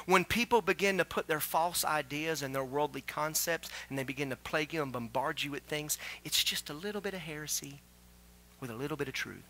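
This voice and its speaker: Bright-voiced preaching pastor. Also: male voice, fairly high pitch, a little fast, a little hiss or hum. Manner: call-and-response preaching, builds to loud exclamations. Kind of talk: sermon. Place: church sanctuary.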